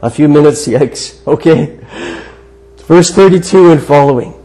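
A man preaching a sermon, telling a personal story in an earnest way with emphatic pauses. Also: a little high, mellow, poor audio. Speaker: guest preacher.

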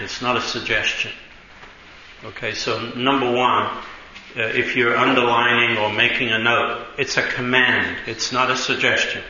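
Man, pastor, conversational sermon, drawn-out emphasis, ums, bright voice, very echoey church hall. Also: mid-range voice, lo-fi sound, slight background noise.

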